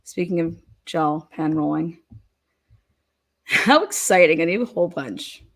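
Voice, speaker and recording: A woman's voice: low-pitched, slow, a bit bright. Chatty woman hosting a livestream. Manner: chatty, giggly, talks to her viewers. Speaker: livestream host. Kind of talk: casual chat over a courtroom livestream.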